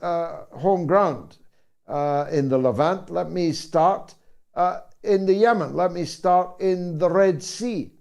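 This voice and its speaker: A man hosting a talk show, speaking deliberately and sardonically with drawn-out pauses. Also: a little high, gravelly, darkish tone.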